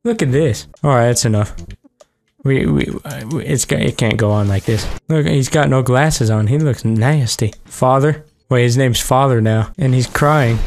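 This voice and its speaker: A man hosting a let's play, talking over the game with a joking, foul-mouthed running commentary. His voice sits at an ordinary middle pitch, and he reacts aloud to each moment in an offhand way. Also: a little mellow. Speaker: gaming video host.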